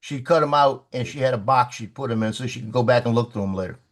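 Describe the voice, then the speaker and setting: A man's voice: mid-range voice, fast talker. A man telling a basketball story on a video call, acting out the quoted lines. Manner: animated, acts out quoted lines. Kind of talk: casual storytelling.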